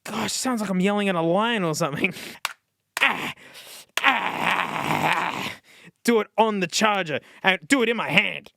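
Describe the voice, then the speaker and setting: A man, reviewing old music players on camera in a casual, excitable way, laughing and talking to the device. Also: high voice, a little slow, vocal fry. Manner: excitable, animated, laughs often, talks to the device. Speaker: tech YouTuber.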